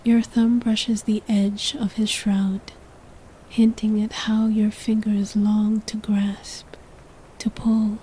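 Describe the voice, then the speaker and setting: Woman storyteller, whispered role-play, slow and breathy, even-toned. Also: medium pitch, a little hiss or hum, rough recording. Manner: slow, hushed, breathy second-person narration.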